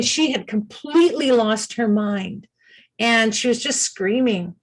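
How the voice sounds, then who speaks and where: Woman guest, kinda high voice, earnest rambly storytelling, heartfelt. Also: unhurried, poor audio. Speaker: caregiver support founder. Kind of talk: personal storytelling on a talk show.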